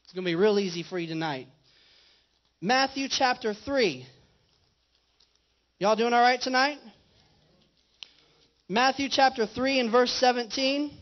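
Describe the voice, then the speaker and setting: A man's voice: extremely high pitch, measured pace, pauses often. A male pastor preaching a conversational sermon in a church and putting questions to his congregation. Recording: dull lo-fi livestream audio.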